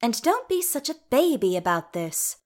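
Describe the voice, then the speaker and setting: A woman voicing a wry dwarf queen regent who speaks in a sweetly teasing, lively way. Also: a little high, a little slow.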